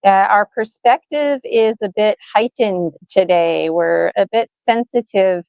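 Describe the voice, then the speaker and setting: Over a video call, a woman co-hosts a live gemstone reading stream, chatting casually and thinking aloud with plenty of fillers. Her medium-pitched voice is unhurried, creaky, slightly mellow and smooth, with no echo but lo-fi sound.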